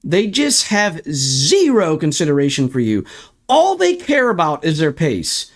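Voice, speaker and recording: A man's voice: fairly high pitch, wildly swooping pitch, unhurried. A young man streaming sim racing, ranting in frustration and swearing while walking through replay footage. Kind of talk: ranting livestream commentary.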